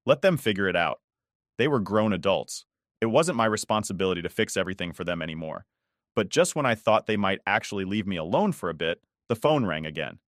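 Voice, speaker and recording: Low-voiced man narrating a story. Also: fairly bright tone, dry recording, studio quality. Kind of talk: scripted first-person narration of an online story.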